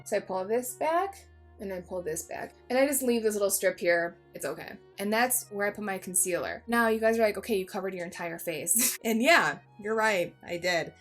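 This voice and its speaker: A woman's voice: mid-range voice, lively intonation, moderate pace, faint music behind. A woman giving a casual makeup tutorial, chatty and jokey, swearing freely and mocking herself. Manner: self-mocking asides. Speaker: beauty vlogger.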